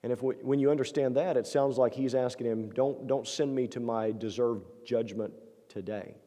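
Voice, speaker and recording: A man's voice: medium pitch, dark tone. A male pastor preaching a sermon in a church, talking earnestly and conversationally and posing rhetorical questions to the congregation. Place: church sanctuary. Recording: long church-hall reverb.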